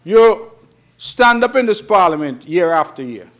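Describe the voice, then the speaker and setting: High-pitched Nevisian male politician, emphatic parliamentary oratory, repeats his lines for effect. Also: very animated, unhurried, a bit bright. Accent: Kittitian-Nevisian. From Saint Kitts and Nevis. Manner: emphatic, repetitive oratory with rising and falling delivery. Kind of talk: parliamentary speech. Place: parliament chamber.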